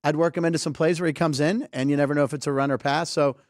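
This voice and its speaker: A man's voice: a little high, fairly even intonation, racing, dry recording, clean studio sound. A man hosting a sports comedy show, riffing casually and laughing often as he talks through clips. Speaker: host.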